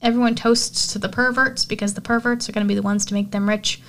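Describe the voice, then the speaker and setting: A woman's voice: mid-range voice, level tone, fast, a bit bright, slight background noise. A woman hosting a horror podcast, recapping a movie in a casual, enthusiastic way, swearing freely and using lots of fillers.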